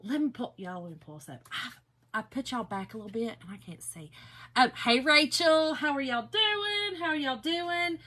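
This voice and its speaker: A woman's voice: sits high, expressive, moderate pace, bright, forceful tone. A middle-aged woman with a Southern US accent hosting a casual craft livestream, chatty and bubbly, greeting viewers by name. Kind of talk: casual live chat while crafting.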